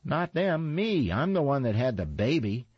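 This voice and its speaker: A man's voice: lowish voice, very animated, normal speed, slightly rough, dry recording, pitched above the performer's own voice. A man reading a storybook, voicing a tough, defiant young girl in a raised, blunt voice. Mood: indignant. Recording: slightly dull, dry recording.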